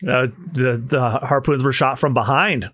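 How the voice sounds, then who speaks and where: A man co-hosting a podcast. He reads a comic aloud, voicing the characters with lively, high, shouting lines. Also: moderate pace, no echo. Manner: animated, voices characters with high shouting pitch. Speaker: podcast co-host. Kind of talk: manga readthrough, reading lines aloud with voices.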